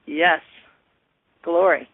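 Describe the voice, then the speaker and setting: Older man, high voice on a tinny line. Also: steady tone, drawn-out words, no echo. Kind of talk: casual call-in radio chat. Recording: tinny phone-like online call audio.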